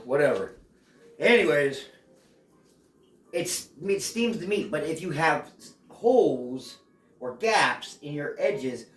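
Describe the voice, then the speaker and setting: A man hosting a casual cooking demonstration at home, chatty and playful. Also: fairly high pitch. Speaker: cooking show host. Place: home kitchen. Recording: echoey home kitchen.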